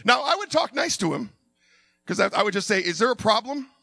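A middle-aged man preaching through a personal story, animated, acting out his own voice, sometimes dropping low and quiet. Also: brisk, creaky, no room sound. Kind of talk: sermon told as a personal story.

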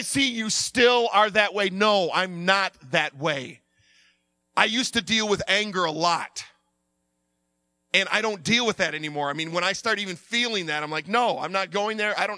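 A middle-aged man preaching through a personal story, animated, acting out his own voice, sometimes dropping low and quiet. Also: dry recording. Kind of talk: sermon told as a personal story.

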